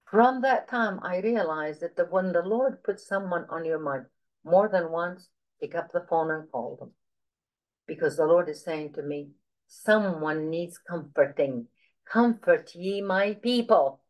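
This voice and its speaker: A woman's voice: fairly low pitch, animated, moderate pace, darkish tone, poor audio. A middle-aged woman teaching a women's Bible group, telling a personal testimony in an earnest storytelling way and acting out the people she quotes. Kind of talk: testimony sermon.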